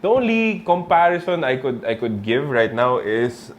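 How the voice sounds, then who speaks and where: A man with a Filipino accent co-hosting a casual basketball talk show, expressive and switching between English and Tagalog. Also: medium pitch, normal speed. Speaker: podcast co-host.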